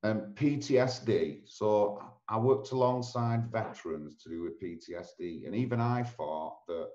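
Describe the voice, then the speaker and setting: A man's voice: on the low side, measured pace, warm tone. A male host speaking in a hesitant, stammering, sympathetic way during a casual interview. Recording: echoey lo-fi room recording.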